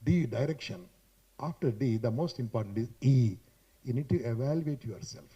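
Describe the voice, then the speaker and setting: A husky, dark-toned male voice of medium pitch, speaking at a moderate pace in an Indian English accent. He holds a handheld mic in a hotel hall, giving a live audience an emphatic motivational talk on public speaking that repeats itself a lot. His style is chatty and direct, and he caps points with "boss."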